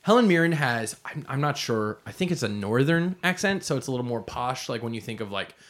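A man chats on a movie podcast, cracking jokes and swearing freely. He laughs often, and his voice sits in a middle pitch. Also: expressive, brisk, a bit bright. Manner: profane, joking, laughs often. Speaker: podcast co-host. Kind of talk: casual movie chat.

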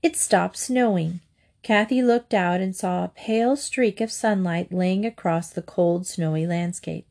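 A woman reading a children's book aloud in a steady, gentle storytelling manner. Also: lowish voice, a little slow, gravelly. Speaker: reader.

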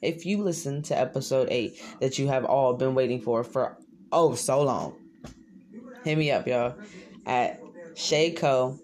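Young male podcaster, rambly slangy solo chat, average pitch, jumpy delivery. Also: normal speed, darkish tone. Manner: rambling, loose and slangy, with sudden pitch jumps. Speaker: podcast host.

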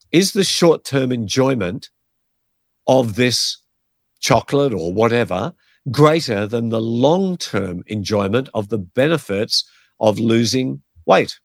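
A man's voice: mid-range voice, gravelly, no echo, clean studio sound. A man, a pastor teaching in a conversational, earnest way and giving numbered points. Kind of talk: podcast teaching on faith and health.

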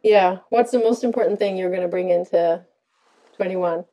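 A woman co-hosting a podcast in casual chat, reflective and thinking aloud with pauses. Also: on the low side, dark tone. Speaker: podcast co-host.

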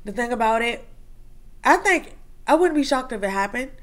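A woman's voice: on the high side, animated, normal speed, fairly bright tone. A woman co-hosting a casual chat, blunt and conversational.

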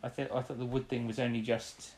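A woman's voice: a bass voice, little pitch movement, quick pace, darkish tone. A woman co-hosting a podcast, casually recapping an episode, rambling and laughing often. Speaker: podcast co-host.

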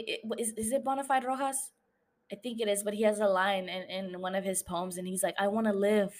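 A woman's voice: a little high, a bit bright. A young adult woman hosting a solo podcast, rambling casually, swearing and laughing at herself. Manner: rambling, self-mocking, swears freely, frequent laughs. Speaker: podcast host.

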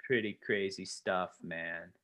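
Bright-voiced man chatting loosely. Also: deep voice, steady tone, slow pace. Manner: rambling, heavy use of filler words. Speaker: podcast co-host, former teacher. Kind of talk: casual conversation.

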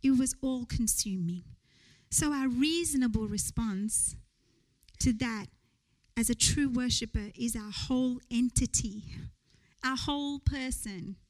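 A woman's voice: on the high side, rough recording. A woman preaching a sermon in church, earnest, building to rising rhetorical questions.

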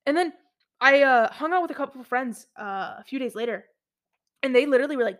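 A young woman in her early twenties hosts a solo podcast, her voice sitting a little higher than most. She talks in a candid, chatty way, full of fillers and restarts. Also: quick pace. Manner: candid, chatty, animated storytelling with many fillers. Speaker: podcast host.

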